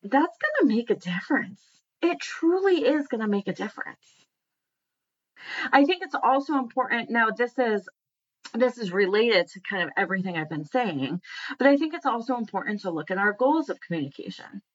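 In a casual monologue on communication, a fairly high-pitched woman sounds very animated as she speaks at a normal speed, asking plenty of rhetorical questions with earnest intent. The recording is muffled.

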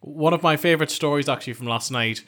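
A man's voice: a little high, fast talker, bright, forceful tone. A male football journalist talking as a podcast guest. He thinks aloud and repeats words on the way to his point. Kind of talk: casual football podcast chat.

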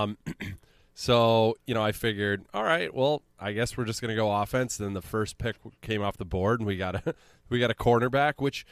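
A man's voice: fairly low pitch, moderate pace, no room sound. A man co-hosting a casual sports podcast, talking in a laid-back way with frequent chuckles. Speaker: podcast co-host.

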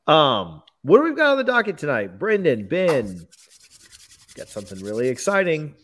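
A man's voice: fairly high pitch, wildly swooping pitch, moderate pace, a bit bright, a little hiss or hum. A man hosting a casual bourbon-chat podcast, joking, rambling and laughing with his co-hosts. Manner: jokey, rambling, laughs often. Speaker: podcast host.

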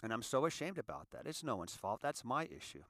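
Earnest sixty-year-old man, halting, dry sound. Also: medium pitch, big pitch swings, fairly bright tone, no echo. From California, US. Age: 60s. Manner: halting, repeats words, earnest. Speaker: show host. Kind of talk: confessional monologue.

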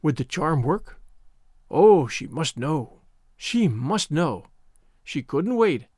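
A man reading a story aloud in an expressive, dramatic way. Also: fairly high pitch, slow, slightly rough, no echo, clean studio sound. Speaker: audiobook reader. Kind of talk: storybook narration.

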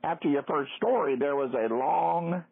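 A man's voice: on the high side, moderate pace, creaky, slightly rough, no echo. A man from Texas leaving a chatty voicemail for a podcast host. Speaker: caller. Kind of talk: voicemail message. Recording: tinny dry phone line.

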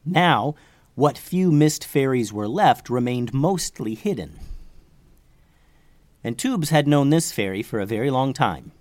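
A man tells a children's story in an unhurried, animated voice. He hushes down low when the story turns tense. The recording is dry and close. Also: no room sound. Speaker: children's story podcast host. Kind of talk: storytelling for kids.

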